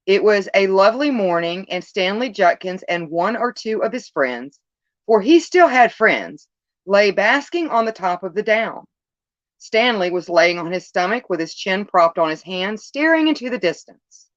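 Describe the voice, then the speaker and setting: A woman storyteller reading a spooky story aloud, expressive, with small slips and self-corrections. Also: mid-range voice, moderate pace, dry recording, dull audio.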